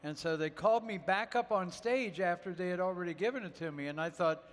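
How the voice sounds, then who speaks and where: A man's voice: high-pitched, fairly quick, long reverb tail. A man from Ohio, a guest chef, telling rambling, folksy stories with lots of fillers during a live cooking demo on a festival stage.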